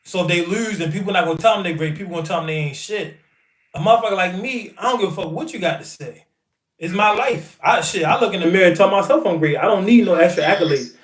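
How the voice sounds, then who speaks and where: Boastful boxer with a high voice. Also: male voice, quick pace, roomy sound. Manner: boastful, blunt, profane trash talk. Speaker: boxer hosting a livestream. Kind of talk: casual livestream talk.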